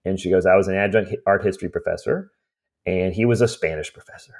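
A man's voice: sits low, fast talker. A man who runs home cleanouts, telling stories in a conversation and acting out the people in them. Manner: animated storyteller, acts out voices. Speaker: estate cleanout business owner. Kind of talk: storytelling in a conversation.

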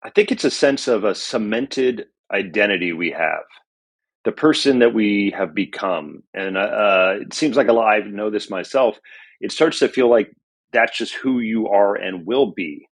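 A man's voice: fairly low pitch, moderate pace, breathy edge. A middle-aged man being interviewed as an author, reflective and storytelling, with frequent fillers. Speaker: author and journalist guest. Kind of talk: conversational interview.

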